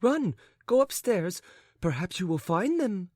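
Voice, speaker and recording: A man voicing a giddy elderly noble lady, shrill and breathless with laughter. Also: sing-song, measured pace, a little mellow, no room sound, studio quality. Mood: eager.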